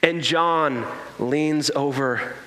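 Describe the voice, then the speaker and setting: Lively, bright-voiced pastor in echoey hall. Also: male voice, on the high side, very slow. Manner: animated storytelling, acting out quotes with humorous asides. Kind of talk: sermon. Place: church sanctuary. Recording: echoey church hall reverb.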